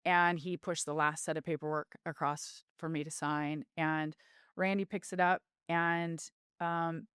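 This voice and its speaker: Middle-aged woman, interview guest, earnest heartfelt storyteller, smooth clean voice. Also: sits low, little pitch movement, measured pace, fairly bright tone, dry recording, studio quality. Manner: earnest, heartfelt, with vivid retelling. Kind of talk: personal storytelling in a podcast interview.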